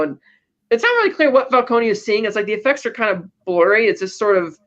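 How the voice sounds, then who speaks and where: A woman's voice: mid-range voice, lively intonation, fast, fairly bright tone, lo-fi sound. A woman co-hosting a podcast, recapping movie scenes casually and quoting lines as she goes. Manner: retells scenes with quoted lines and laughs. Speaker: podcast co-host.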